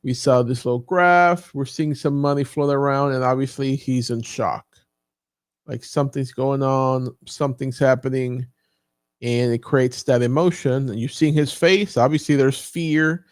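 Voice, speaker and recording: A man's voice: medium pitch, steady tone, normal speed, dry recording, clean studio sound. A man giving a casual live training, thinking aloud with frequent fillers as he walks through examples on his screen. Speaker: YouTube coach.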